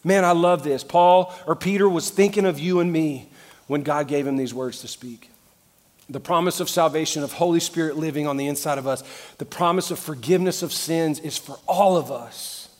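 A man preaching a sermon as pastor, out of breath and impassioned, shifting between loud preaching and quieter asides. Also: fairly high pitch, normal speed. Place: large church sanctuary. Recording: church hall reverb.

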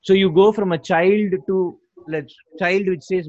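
A man's voice: high-pitched, steady tone, a little slow, darkish tone, dry recording. A man teaching about awareness, explaining step by step and acting out little stories. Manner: didactic, repeats points, acts out quotes. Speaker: guest speaker. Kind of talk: explanatory talk with storytelling. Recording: dull lo-fi recording, faint music.

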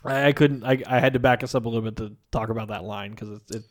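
A man's voice: mid-range voice, steady tone, fast. A man casually discussing a film on a podcast, rambling and laughing often. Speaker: podcast co-host.

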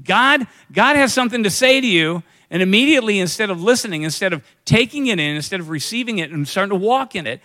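Conversational pastor preaching, slightly high voice. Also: male voice, lively intonation, fast talker, few pauses, pushed and bright. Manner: conversational preaching, acts out quoted voices, asks the congregation questions. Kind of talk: sermon.

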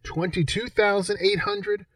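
A man's voice: sits high, flat delivery, measured pace, a bit bright, no echo, far from the mic. A man hosting a game show segment on a sports podcast, joking and reading quiz questions aloud. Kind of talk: casual podcast banter.

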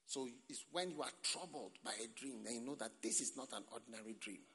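A man preaching a sermon in a bright, forceful voice. He moves from calm scripture reading to loud, dramatic outbursts. His words ring out with the long reverb of a large hall. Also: mid-range voice, fairly quick. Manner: dramatic, swings between quiet reading and loud exclamations. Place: large hall at a church camp.

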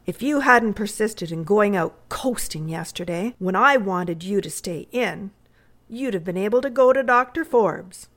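A woman's voice: mid-range voice, lively intonation, measured pace, a bit bright. A woman voicing a stern mother who scolds her son. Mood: scolding.

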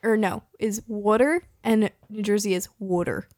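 A young woman from California hosts a podcast, chatting freely with many fillers and easy laughter. Her voice sits at a middle pitch and sounds dry and close, with no room echo. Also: steady tone, moderate pace, darkish tone. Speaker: podcast host. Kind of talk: casual podcast chat.

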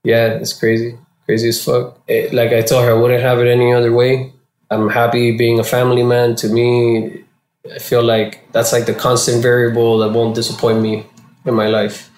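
A man from Florida, a guest in an interview, telling his story casually with heavy slang and swearing, and getting animated when he quotes people. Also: medium pitch, moderate pace. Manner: profane and slangy, animated when quoting others. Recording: roomy echo.

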